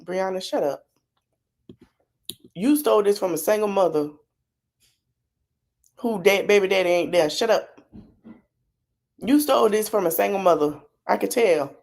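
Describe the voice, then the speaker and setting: A woman's voice: medium pitch, unhurried, creaky, long pauses, a little mellow. Sassy, blunt woman streamer. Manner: sassy, blunt and mocking, slangy. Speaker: podcast host reacting to a video. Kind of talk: livestream commentary.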